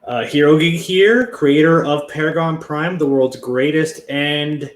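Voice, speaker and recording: A man's voice: on the high side, measured pace, reverberant. A man co-hosting a casual comics chat, blunt and mocking in his reactions. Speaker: co-host, comic creator.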